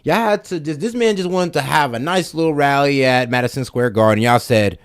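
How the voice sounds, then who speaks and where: Male reaction host, casual slang, lively pitch swings. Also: brisk, no room sound, studio quality. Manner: laid-back slangy, laughing asides.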